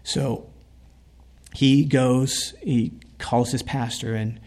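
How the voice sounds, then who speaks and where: A man's voice: mid-range voice, steady tone, extremely slow, a little mellow. A man telling a heartfelt story in a sermon, speaking earnestly as a preacher.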